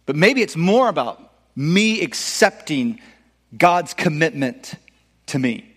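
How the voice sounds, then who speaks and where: A man preaching a sermon earnestly, building to emphatic peaks and easing into soft, low endings. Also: big pitch swings, slow. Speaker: pastor. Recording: long hall reverb.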